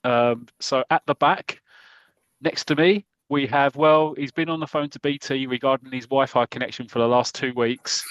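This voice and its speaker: A man's voice: medium pitch, steady tone, moderate pace, smooth, no room sound, poor audio. British man hosting with jokey intros. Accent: British English. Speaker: podcast host. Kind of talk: casual chat, comic introductions.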